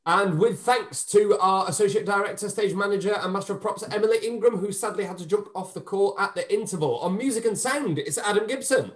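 A man's voice: high voice, fairly quick, hardly any pauses. A man hosting the wrap-up of a live online show, effusive and upbeat, thanking the performers and introducing the cast over a video call. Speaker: host and director.

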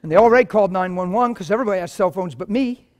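Guy preaching with a high voice, telling stories, goes from quiet mumbling to yelling. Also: very fast. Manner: animated storytelling, swinging from low murmurs to shouting. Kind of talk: sermon with testimonies.

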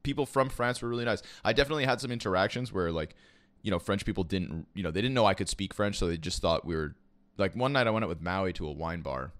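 Man from quebec, deep voice, dry close sound, casual storytelling, salty and rambling. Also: fast, a bit bright, no room sound. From Quebec, Canada. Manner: rambling, profane, full of fillers like "you know". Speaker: esports caster and podcast host.

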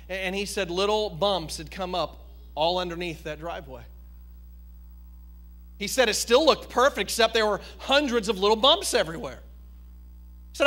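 Bright, high-voiced preaching man. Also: moderate pace, pauses often. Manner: emphatic, animated storytelling. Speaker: pastor. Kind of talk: sermon with storytelling.

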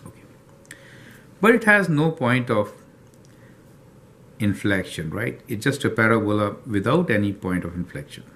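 A man's voice: lowish voice, sing-song, moderate pace, long pauses, a bit bright. A man teaching a calculus lesson step by step, often checking in with the viewer. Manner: explanatory, checks in with "right?" and "do you see that?". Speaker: math teacher.

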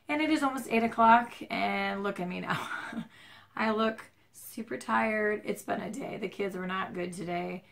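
Midwestern woman, gravelly creaky voice, stuffed-up strained voice, rambling casual vlog chat at home. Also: mid-range voice, normal speed, a bit bright. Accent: Midwestern American. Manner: rambling, self-deprecating, chatty. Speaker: vlogger. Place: home at night, dim lighting. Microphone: camera mic, handheld shaky camera.

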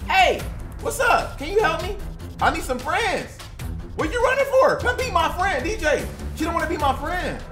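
A woman doing excited gameplay commentary as a family YouTuber playing a video game with her child. She talks loudly and jumpily, often yelling in fright and chatting to her viewers. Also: very high voice, normal speed. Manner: jumpy and loud, shrieking and yelling when scared, chatting to viewers. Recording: roomy sound with game music behind.

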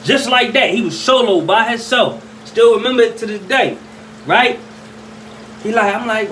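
Rambling high-voiced young man from Philly. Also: moderate pace, a bit bright. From Philadelphia. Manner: rambling, constant "you know what I mean", street slang, acts out voices. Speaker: vlogger telling a story. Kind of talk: casual storytelling. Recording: slightly distant mic with faint ambient noise.

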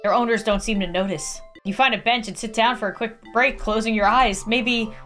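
Animated young woman reading game text. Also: fairly high pitch, fairly quick, faint music behind. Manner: animated, gasps and shrieks, dramatic reading. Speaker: gaming YouTuber.

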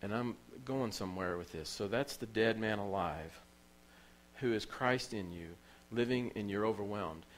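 A male pastor with a somewhat low voice preaches a sermon, telling stories with feeling and driving points home through repetition. A faint hum of noise sits under his voice. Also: moderate pace, low-quality recording. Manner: emotional storytelling preacher, repeats phrases for emphasis. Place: church.

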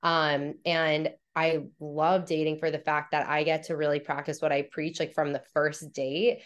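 A young woman guest on a podcast, chatting casually and acting out her own inner dialogue in animated stories. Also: low voice, normal speed. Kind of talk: casual conversational storytelling.

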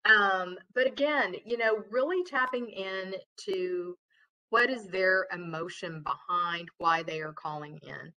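Chatty bright-voiced woman trainer. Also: lowish voice, a little slow, lo-fi sound. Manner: chatty, loud, many fillers and restarts. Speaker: customer service trainer. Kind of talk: casual webinar lecture.

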